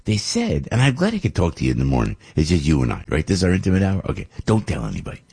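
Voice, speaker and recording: Older man, radio host, low husky voice, lively rambling delivery. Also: rapid-fire, no echo. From Italian-American. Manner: rambling, animated, chatty with restarts. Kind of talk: casual storytelling monologue.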